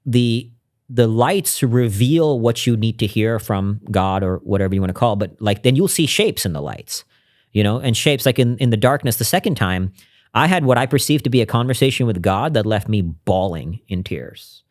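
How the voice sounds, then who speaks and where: Earnest, low-voiced man telling his story. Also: lively intonation, normal speed. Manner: earnest and reflective, drops to a hushed voice when recounting intimate moments. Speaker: podcast guest. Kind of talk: conversational interview storytelling.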